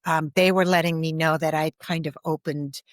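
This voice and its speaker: As a grief and ancestral healer guesting on a reflective podcast, she talks softly in a fairly low voice with fairly even intonation. Her pace is unhurried and thoughtful, broken by frequent pauses and ums, and the sound is dry and close with no room around it.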